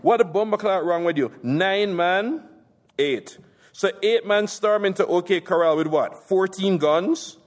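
A foul-mouthed gangster rants in a boastful, mocking way, as a man puts him on. His voice sits somewhat high for a man. A long reverb from a hall trails every line. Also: a little slow. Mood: angry mocking.

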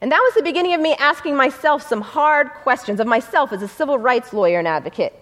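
A woman's voice: high-pitched, expressive, quick pace, a bit bright. A woman, a civil rights lawyer, earnestly telling a story in a talk. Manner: earnest, vivid retelling.

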